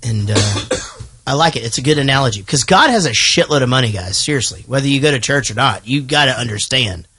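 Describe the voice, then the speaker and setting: A man's voice: medium pitch, expressive, brisk, noisy background. A man hosting a movie podcast, chatting casually and rambling, joking and swearing. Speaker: podcast host. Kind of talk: casual movie-review chat.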